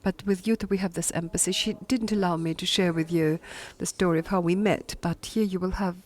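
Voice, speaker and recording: A woman's voice: on the low side, fairly even intonation, fairly quick, darkish tone. A woman introducing a guest speaker at a public lecture. She is admiring and often restarts her sentences.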